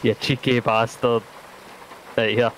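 A man's voice: mid-range voice, little pitch movement, takes it slowly, a bit bright, slight background noise, rough recording. A man with a British accent teasing his friends in casual gaming chat. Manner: teasing, laughing banter. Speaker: gamer.

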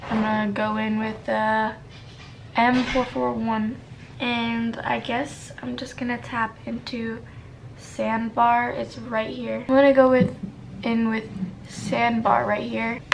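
A young woman chats through a makeup tutorial at an unhurried pace. Her slightly high voice has a gravelly fry, and she is flustered and self-deprecating, half talking to herself. A faint hiss sits under the recording. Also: little pitch movement. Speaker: beauty vlogger.

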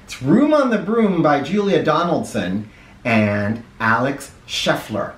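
Animated man reading a kids book. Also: fairly high pitch, takes it slowly. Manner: animated, playful. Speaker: children's book reader. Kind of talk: read-aloud storytelling for kids. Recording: echoey room, mic at a distance.

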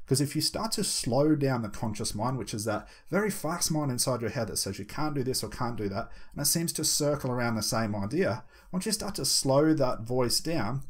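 A man with a husky, slightly breathy voice gives a lesson on hypnosis. He speaks at an ordinary pitch and drops into a slow, measured delivery with deliberate pauses when he demonstrates a technique. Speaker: hypnosis instructor. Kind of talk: instructional talk.

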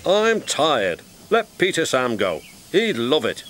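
A man's voice: mid-range voice, huge pitch swings, slow, fairly bright tone, slight background noise, voice pushed up, heavily acted. A man voicing a haughty, boastful steam engine who grumbles and scorns everything around him. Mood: scornful. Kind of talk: storybook character voice. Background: music score.

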